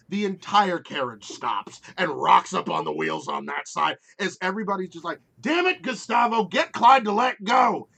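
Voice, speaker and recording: A man's voice: fairly high pitch, vocal fry, sharp tone. A young man running a tabletop game, narrating with lots of fillers and rambling asides. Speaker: game master.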